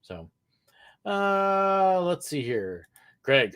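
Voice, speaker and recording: A man's voice: medium pitch, lively intonation, normal speed. A man hosting a live question-and-answer stream, chatting casually and rambling a little, with corny puns thrown in. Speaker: livestream host answering viewer questions.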